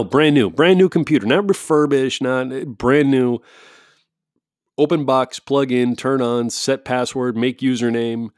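A man's voice: mid-range voice, a little mellow, dry recording, studio quality. A man from the United States in a casual rambling monologue at home, talking into a microphone with restarts, chuckles and mock-quoted asides. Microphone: studio-style microphone.

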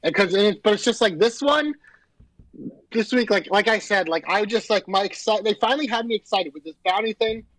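A man's voice: high-pitched, fairly quick, a bit bright, no room sound, poor audio. A man co-hosting a casual wrestling podcast, ranting in an angry, profane, fired-up way. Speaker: podcast co-host.

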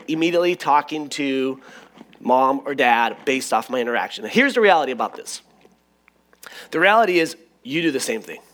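A middle-aged man preaching a sermon as pastor, in a conversational, animated storytelling manner. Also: medium pitch.

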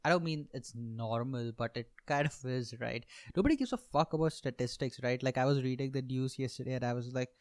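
A man's voice: medium pitch, a little fast, hardly any pauses, a little mellow, dry recording. A young man hosting a comedy podcast, rambling through a monologue with self-mocking asides and lots of swearing.

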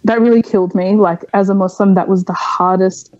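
A woman's voice: mid-range voice, fairly even intonation, brisk, darkish tone, no room sound, dull audio. A young woman from Australia, a podcast guest, speaking frankly and at length in a candid interview, with many fillers.

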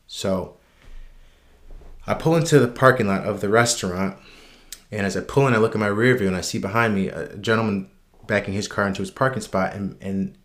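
Deep-voiced man recounting a personal story offhand, unscripted, sincere. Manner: relaxed, unscripted, frequent ums and restarts; reflective, earnest. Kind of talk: casual personal anecdote.

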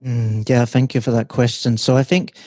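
Guy calmly explaining relationship stuff as a guest, teacherly, keeps asking right?, dry sound. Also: medium pitch, normal speed, dry recording. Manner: calm, teacherly, often checks in with "right?". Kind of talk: explanatory interview answers.

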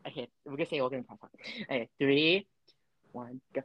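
A woman's voice: rumbling low, very animated, a little fast, vocal fry, no echo, dull audio. A young woman co-hosting a casual podcast, teasing her friend with blunt, giggly banter. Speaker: podcast co-host. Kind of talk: casual chat.

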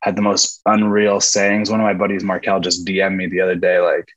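A man's voice: deep voice, completely flat delivery, fairly quick, a bit bright, lo-fi sound. A young man, a former college football player, chatting as a podcast guest and telling rambling stories with fillers and laughs. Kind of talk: casual storytelling chat.

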